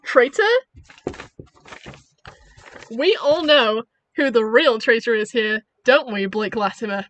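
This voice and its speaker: A defiant, mocking young rebel with an Australian accent, put on by a woman. His voice is high and bright, with a sharp edge. It is recorded dry and close. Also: slow, pauses often, no echo, muffled recording. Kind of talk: acting out a story scene.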